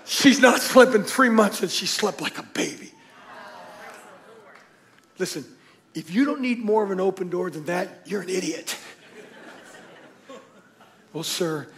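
A middle-aged pastor preaches from the pulpit in full storytelling mode, using a high, light voice. He tells his stories with energy, hushing some lines almost to a whisper and shouting others as he plays the people in them. There is a little hiss or hum in the audio.

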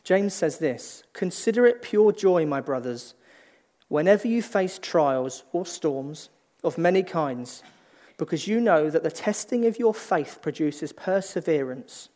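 His voice a little high, a man delivers a conversational sermon that drops from lively emphasis into slow, hushed lines, frequently restarting phrases while thinking aloud.

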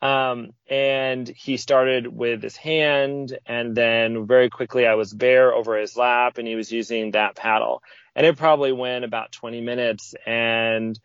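A man of medium pitch tells a personal story in casual conversation. He acts out the lines people said, jumping up in pitch for them. The audio is dull and lo-fi, with a dry, close sound and no room echo. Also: a little slow, clean tone. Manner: lively, acts out quoted speech with sudden pitch jumps. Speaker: podcast guest.

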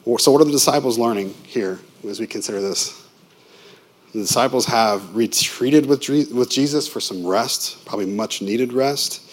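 A man preaching a sermon as a pastor, conversational and lively with vivid asides to the congregation. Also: mid-range voice, moderate pace.

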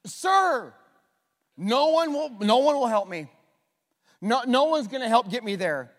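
A man's voice: extremely high pitch, animated, a little slow, pitched above the performer's own voice, exaggerated voice. A preacher voicing a paralyzed man who pleads and complains, with long hall reverb. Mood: whining. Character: paralyzed man by a pool, whiny, full of excuses.

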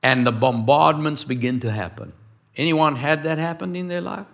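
Bright-voiced male pastor preaching. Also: a little high, normal speed, creaky. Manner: lively preaching, acting out dialogue and quotes. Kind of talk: sermon.

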